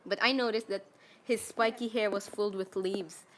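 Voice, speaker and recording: A woman's voice: medium pitch, fairly even intonation, moderate pace, noisy background. A young woman, reading an old fanfic aloud and breaking off to chat and giggle with friends. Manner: giggly, reads with mock drama. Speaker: fanfic reader.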